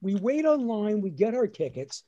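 Guy telling a funny story about being a kid, mellow voice, video call sound. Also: high-pitched, normal speed, highs cut off. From New Jersey. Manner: animated storyteller acting out his dad's voice. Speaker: lawyer and comedian. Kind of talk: comic storytelling. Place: at home on a webinar.

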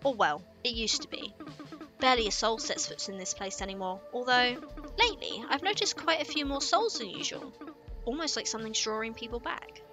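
A woman's voice: on the high side, expressive, a little fast, over music, natural voice. A woman voicing a chatty, kindly old woman who keeps the woods, reading game dialogue aloud. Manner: chatty, gently welcoming.

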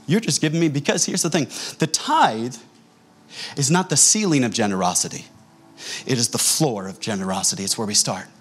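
Husky, lively pastor preaching. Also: male voice, medium pitch. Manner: animated storytelling, acting out quoted dialogue. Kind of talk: sermon. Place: church sanctuary.

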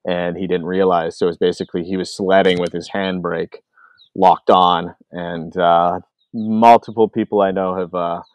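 Low-voiced man telling stories casually. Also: moderate pace, no echo. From Canada. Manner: animated, acts out quoted voices, many fillers. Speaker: filmmaker guest. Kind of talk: casual storytelling.

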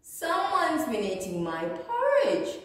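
A woman voicing a calm, motherly mama bear in an even, measured storybook delivery. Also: sits high, far from the mic, pitched above the performer's own voice, full character voice. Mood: puzzled. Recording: echoey room, voice off-mic.

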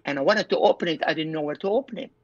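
An older Lebanese man, both pastor and doctor, shares his personal testimony as an interview guest, speaking rapidly in a fairly high, darkish voice. He tells it earnestly like a storyteller, acting out his own quoted thoughts. The recording is dull, dry and lo-fi, with no echo.

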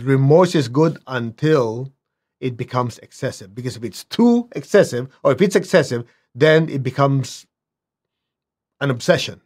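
A man teaching a spiritual lesson, who often checks in with his listeners and acts out little dialogues with big swings in pitch. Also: animated, normal speed, a little mellow, breathy edge. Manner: asks listeners to check in, "okay?", "make sense?".

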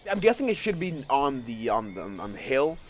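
A man giving casual let's play commentary, excitable and rambling, often gasping and joking at himself. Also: medium pitch, normal speed, slight background noise. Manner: excitable, rambling, gasps and self-mocking asides.

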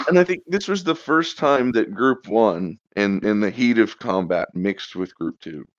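A man's voice: fairly low pitch, expressive, measured pace, dry recording. Easygoing man recapping a game. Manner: easygoing, laughs and checks facts with the players. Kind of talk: casual recap chat. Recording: slightly muffled dry recording.

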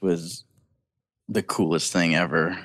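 A man's voice: low voice, steady tone, slow pace, fairly bright tone, no echo, studio quality. A young man hosting a casual film podcast, enthusiastic and laughing often as he talks. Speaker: podcast host.

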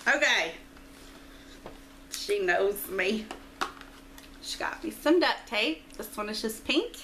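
Middle-aged woman, bright and chatty, casual unboxing vlog, faint background hiss. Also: medium pitch. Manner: chatty and gushing, squeals with excitement. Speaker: vlogger opening a friend's mail package. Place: quiet home.

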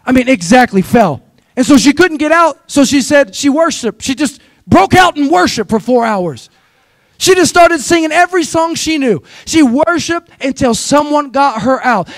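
High-voiced preaching man, dry sound. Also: dry recording. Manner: exhorting, call-and-response with the congregation; storytelling with rising, shouted peaks. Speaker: pastor. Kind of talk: sermon.

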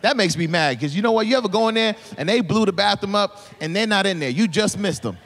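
A man's voice: high-pitched, lively intonation, fast, a bit bright. A male stand-up comedian, performing a live set and acting out little scenes in exaggerated voices. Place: comedy club stage. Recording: live club recording with crowd laughter and noise. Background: laughing audience.

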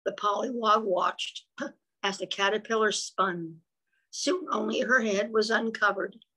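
A woman reading a picture book aloud to young children, expressive and stopping to ask them questions. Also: mid-range voice, low-quality recording. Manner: expressive, pauses to ask little listeners questions. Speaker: storyteller for children.

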